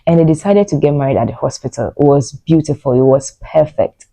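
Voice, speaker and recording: Woman, movie reviewer; mellow, warm tone, emotional and rambling with many fillers. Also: low voice, fairly quick, no echo, poor audio. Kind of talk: casual spoken movie review.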